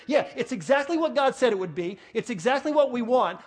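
Pastor, male, New York accent, fairly high voice, animated sermon delivery. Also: brisk, hardly any pauses. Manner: animated, repeats phrases when worked up.

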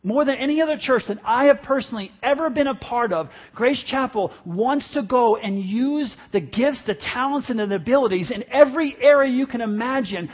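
Male pastor, emphatic sermon delivery, high-pitched and husky, muffled recording. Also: fairly quick, few pauses. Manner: impassioned, emphatic preaching with repetition.

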